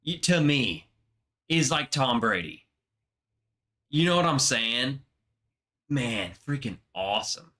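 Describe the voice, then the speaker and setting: A man hosting a casual livestream, telling a story with feeling and plenty of slang. He talks slowly in a bright, forward voice, and he sounds close to tears. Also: mid-range voice, big pitch swings. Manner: slow, emotional, slangy storytelling. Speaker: livestream host.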